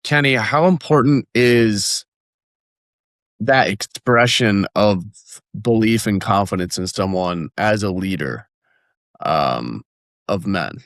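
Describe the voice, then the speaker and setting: A man's voice: lowish voice, expressive, slow pace, long pauses, fairly bright tone, no room sound, clean studio sound. A man hosting a podcast, asking questions hesitantly and rephrasing as he goes. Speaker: podcast host. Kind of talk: interview questions.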